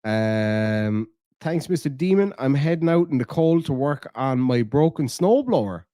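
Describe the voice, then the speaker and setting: A man's voice: medium pitch, lively intonation, a little slow, mellow. An Irish man rambling to his chat on a live stream, loose and sweary, reading out messages as they come. His voice sits in the middle range, and the recording is dry, close and free of room echo. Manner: rambling, swears a lot, reads chat aloud.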